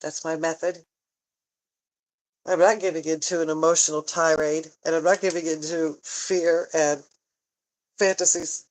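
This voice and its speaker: Woman, tearful, low-pitched, halting, sighing, frank personal vlog. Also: level tone, poor audio. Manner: halting, sighing, pausing often; frank, swears. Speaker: vlogger.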